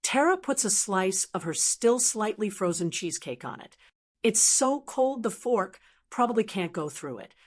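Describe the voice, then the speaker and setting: A woman's voice: mid-range voice, big pitch swings, normal speed. An older woman narrating a first-person family story in a reflective, emotional way.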